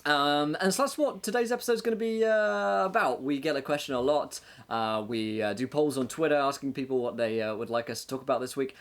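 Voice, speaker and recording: A man's voice: mid-range voice, a little fast, hardly any pauses. Male game master hosting a live stream, mid-range voice, chatty and upbeat, laughs between points and leans on fillers. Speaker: game master and show host. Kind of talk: casual livestream monologue with tips for game masters.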